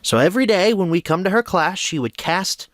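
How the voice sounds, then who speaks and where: An eccentric, excited schoolteacher, as a man puts her on, pitched a bit higher and bouncing with enthusiasm. The sound is dry and close. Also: brisk, dry recording. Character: eccentric enthusiastic female high school teacher.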